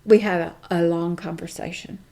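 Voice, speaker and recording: A middle-aged woman guest telling a personal story in an interview, emphatic and animated, acting out the dialogue. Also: lowish voice, moderate pace, creaky.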